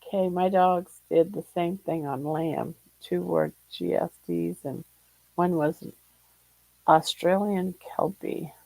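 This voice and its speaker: An older woman chats slowly and easily with her livestream viewers. Her voice is gravelly and sits a little low, and she sounds a bit short of breath. The sound is dry and close, with no room echo. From Ohio, USA. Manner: slow, relaxed and chatty, greeting viewers by name. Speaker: livestream host. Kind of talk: casual livestream chat with viewers.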